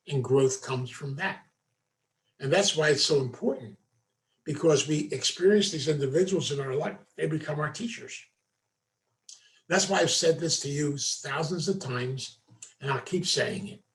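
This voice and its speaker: A man, a meditation teacher, giving a folksy storytelling talk to a group, full of asides. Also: on the high side. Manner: folksy, conversational, many asides.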